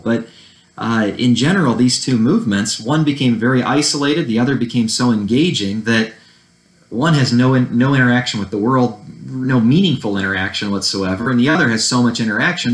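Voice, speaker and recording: Male church teacher, mid-pitched, lecturing off the cuff, roomy echoey sound. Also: a bit bright. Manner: unscripted, restarts phrases, fair-minded asides.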